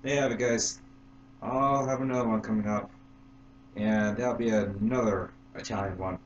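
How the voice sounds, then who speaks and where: A man talking casually to his channel's viewers, halting and unhurried, with fillers and restarts. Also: fairly low pitch, steady tone, muffled recording. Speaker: YouTube vlogger. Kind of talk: casual vlog to camera. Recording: roomy with faint hum.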